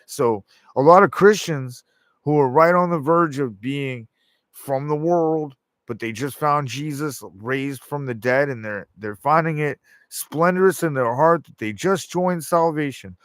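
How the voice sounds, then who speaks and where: A man's voice: on the high side, a little slow, fairly bright tone, clear, resonant tone, dry recording, clean studio sound. A man delivering a rambling, profane monologue, often acting out quoted voices. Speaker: show host.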